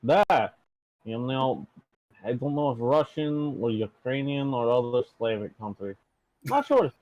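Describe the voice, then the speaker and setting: A man's voice: medium pitch, lively intonation, a little slow, a little mellow, dry recording, low-quality recording. A man chatting casually as a player in a tabletop game, joking and laughing often.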